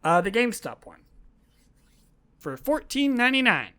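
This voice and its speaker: Excitable lady hosting her own podcast, voice sits pretty high, gushes then goes all whispery. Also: moderate pace. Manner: gushing and excitable, often trailing into soft whispers. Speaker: podcast host. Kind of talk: solo podcast chat.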